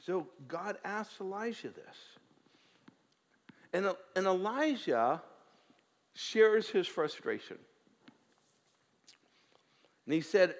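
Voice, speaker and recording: A man preaching a sermon as a pastor, animated, with frequent restarts and repeated words. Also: high voice, slow, long pauses, big-room sound.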